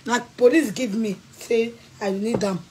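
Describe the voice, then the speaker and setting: A woman with a Nigerian accent, ranting angrily and scolding someone in bursts of shouting and threats. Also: fairly high pitch, steady tone, measured pace, slight background noise, poor audio. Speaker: vlogger. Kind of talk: angry rant to camera.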